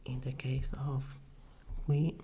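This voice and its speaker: A man giving a soft-spoken ASMR language lesson into a desk microphone, halting and correcting himself often, with soft laughs. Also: mid-range voice, level tone, a little hiss or hum. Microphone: USB desk microphone.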